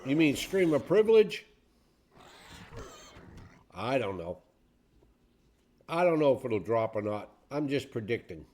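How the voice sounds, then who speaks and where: A man's voice: medium pitch, very animated, a little slow, long pauses, mellow. A man streaming a game, chatting casually and reacting to chat and teammates. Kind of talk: casual live-stream chat while gaming.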